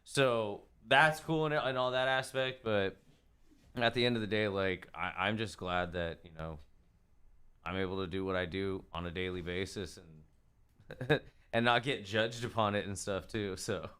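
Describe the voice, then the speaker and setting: Casting: low-pitched guest, bright, smooth tone, cocky and laid-back. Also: male voice, a little slow. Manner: boastful, laid-back, swears. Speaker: podcast guest, extract maker. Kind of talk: casual chat.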